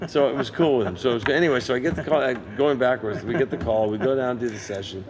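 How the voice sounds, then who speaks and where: A man in his sixties, a session guitarist giving an interview, telling an anecdote with lively energy and acting out other people's lines. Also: medium pitch, fast, crowd noise. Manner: lively raconteur who acts out others' lines. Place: museum interview set.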